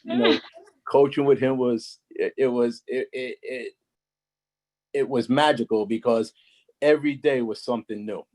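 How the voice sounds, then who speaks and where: A man's voice: medium pitch, fairly even intonation, moderate pace, darkish tone, rough recording. A man telling stories on a video call in a loose, rambling way, with many fillers and restarts. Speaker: former coaching colleague. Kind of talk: casual storytelling on a video call.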